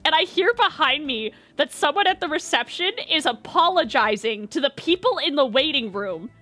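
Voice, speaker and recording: Bright high-voiced woman rambling. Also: lively intonation, normal speed, soft background music. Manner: chatty, self-deprecating, laughs often. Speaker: streamer. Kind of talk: casual rambling storytelling.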